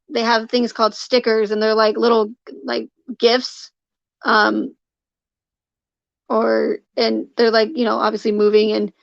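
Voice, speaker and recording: A woman with a fairly high but flat voice and a lot of gravelly fry, chatting casually to her live stream viewers. She rambles, restarts her sentences and leans on fillers. The audio is dull and lo-fi. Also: dry recording. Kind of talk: casual livestream chat to viewers.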